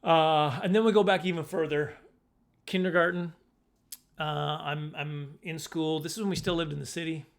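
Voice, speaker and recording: A middle-aged man telling a self-mocking comic story to camera in a casual, animated way. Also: normal speed, creaky. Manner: animated, self-mocking, jumps into high squeaky voices for his younger self. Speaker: comedian storyteller.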